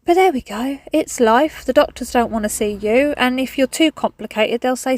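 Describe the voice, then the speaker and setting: A woman's voice: a little high, normal speed, hardly any pauses, a little mellow, no echo. A woman in her thirties with an English accent, chatting frankly and swearing casually as she talks through cleaning her cupboards. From England. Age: 30s. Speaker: cleaning vlogger. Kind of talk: chatty voice-over while cleaning.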